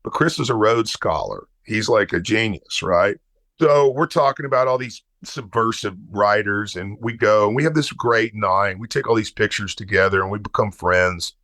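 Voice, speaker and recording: A middle-aged man with a lowish voice spins a story, dropping into other people's voices as he quotes them. The sound is close and dry, with no room around it. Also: no room sound. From Texas. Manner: animated, quotes people with quick voice shifts. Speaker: guest musician. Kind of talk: storytelling anecdote.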